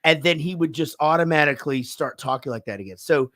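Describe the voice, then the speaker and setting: A man's voice: fairly high pitch, fast talker, pushed and bright, no echo. A man co-hosting a livestream, talking in loose, profane, laughing banter. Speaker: podcast co-host.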